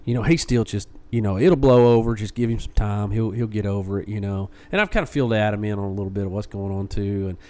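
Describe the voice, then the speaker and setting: A man co-hosting a podcast, casually retelling a story and acting out what others said in lively quoted voices. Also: on the low side, fast talker, few pauses. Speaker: podcast co-host.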